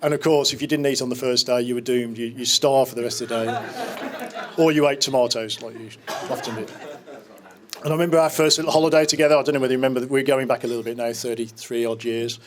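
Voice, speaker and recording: A man's voice: mid-range voice, fairly even intonation, quick pace. A man in his fifties giving a wedding speech in place of the bride's father, telling fond, joking stories with small restarts. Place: wedding reception hall.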